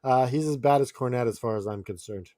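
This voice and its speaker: A man's voice: medium pitch, fast, a crowd in the background. A man co-hosting a wrestling podcast in casual chat, laid-back and wisecracking. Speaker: podcast co-host.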